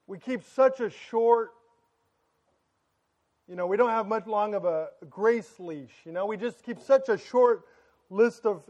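High-voiced excited male pastor preaching. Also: unhurried, long pauses. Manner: joking, storytelling, loud and excited. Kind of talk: sermon. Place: church sanctuary.

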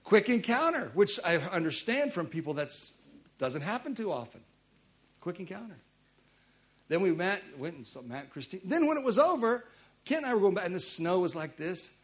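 A man preaching a sermon as pastor, telling stories with sudden loud bursts of emphasis. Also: sits high, very animated, normal speed.

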